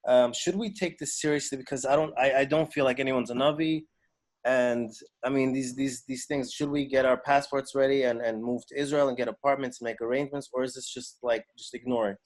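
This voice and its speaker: A man's voice: medium pitch, fairly even intonation, a little fast. A male caller with a mid-range voice asks his question hesitantly. He stumbles over his words, saying "um" often and restarting phrases. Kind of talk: call-in question.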